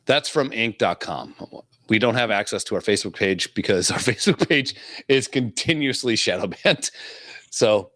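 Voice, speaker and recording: A man's voice: on the low side, animated, normal speed, fairly bright tone, no echo, clean studio sound. A man co-hosting a podcast, talking casually and swearing freely, with frequent chuckles. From Illinois. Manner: laid-back, profane, chuckles often. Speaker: podcast co-host.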